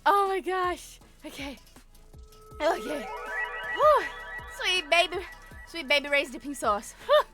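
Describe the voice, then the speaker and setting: A young woman streamer chatting casually, giggling often and talking in a frantic, excitable way. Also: extremely high pitch, slow pace, long pauses, soft background music. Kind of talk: casual live stream chat.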